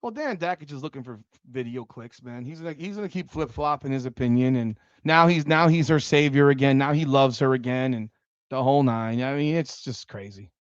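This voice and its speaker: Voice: mid-range voice, fairly quick, no room sound, muffled recording. A sports commentary host ranting on a livestream, profane and heated.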